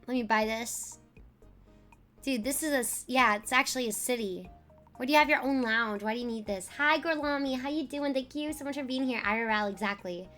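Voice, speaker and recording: Young woman, streamer, joking, chatty, somewhat high voice, faint music behind. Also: a little fast, a bit bright. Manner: chatty, joking, frequent laughter and fillers. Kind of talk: live-stream chat reacting to a video.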